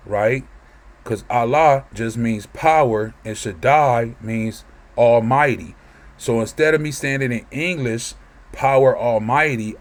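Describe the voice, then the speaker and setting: Male preacher, casual scripture teaching, keeps checking in with listeners. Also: medium pitch. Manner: conversational, keeps asking "right?".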